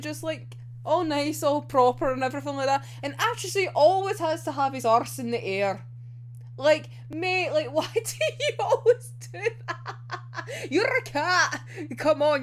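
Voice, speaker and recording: A woman, excitedly reacting to an anime episode, laughing often and swearing freely. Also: sits high. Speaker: anime reviewer. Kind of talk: casual episode reaction vlog.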